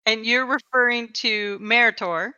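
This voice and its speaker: A woman's voice: on the high side, steady tone, unhurried, sharp tone, smooth, no room sound. A woman hosting a casual podcast chat, who often repeats her words as she talks. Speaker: podcast host. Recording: dull, slightly lo-fi dry sound.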